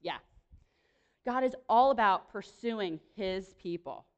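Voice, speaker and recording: A young woman speaking to a room, giving a lively, chatty sermon full of quick self-deprecating asides. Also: mid-range voice, muffled recording. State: pregnant. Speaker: speaker at a church or campus gathering. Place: room with an audience.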